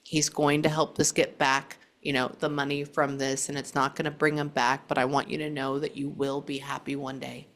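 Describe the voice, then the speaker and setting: A woman psychic medium in a spirit reading session with a client, speaking in an earnest, reassuring way, with frequent halting pauses and asides as she relays messages. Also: very deep voice, little pitch movement, fairly bright tone.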